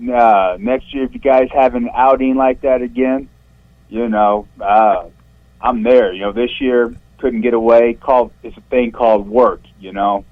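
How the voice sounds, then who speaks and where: A man's voice: fairly even intonation, measured pace. Profane ranting man on a phone line. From St. Louis, USA. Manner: profane, voice jumps shrill when worked up. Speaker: caller. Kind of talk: angry call-in rant. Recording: dull phone-line call audio.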